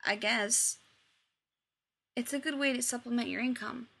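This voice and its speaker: Brief: woman voicing a cool, wry soldier man, dry and defensive, slightly high. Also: a little slow, vocal fry, bright, forceful tone, husky, exaggerated voice. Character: laid-back wry male military officer.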